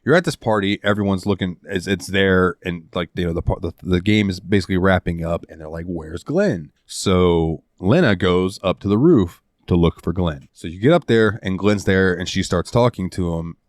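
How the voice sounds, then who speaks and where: A man hosting a casual podcast, recounting a game's ending with animated, heartfelt storytelling and some swearing. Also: deep voice, normal speed, few pauses, no room sound, clean studio sound. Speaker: podcast host. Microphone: studio headset mic.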